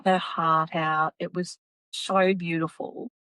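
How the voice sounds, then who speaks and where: Woman, lowish pitch, dry close sound, animated storyteller. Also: slow, clear, resonant tone, no room sound, poor audio. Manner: animated, acts out voices in her stories. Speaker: podcast guest, psychic medium. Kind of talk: casual storytelling.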